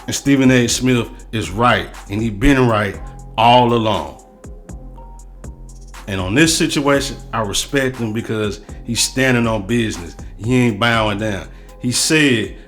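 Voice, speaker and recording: A man's voice: mid-range voice, a little slow, fairly bright tone, soft background music. A man hosting a sports show, ranting in a heated, profane, repetitive way. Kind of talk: sports commentary rant.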